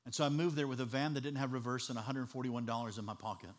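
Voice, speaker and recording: A man's voice: medium pitch, fairly even intonation, fast talker. A man from Chicago preaching a personal testimony in a conversational, storytelling style, with humor and frequent fillers. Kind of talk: testimony sermon.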